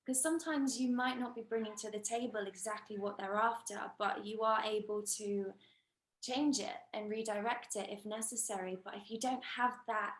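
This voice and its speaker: A woman's voice: mid-range voice, steady tone, moderate pace. A woman hosting a casual chat, speaking thoughtfully with some hesitation. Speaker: host. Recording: roomy echo.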